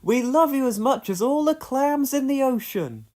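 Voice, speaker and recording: A woman voicing a pair of eager young otters who speak together excitedly in a storybook read-along. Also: sits high, normal speed, voice pushed up. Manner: excited, in unison.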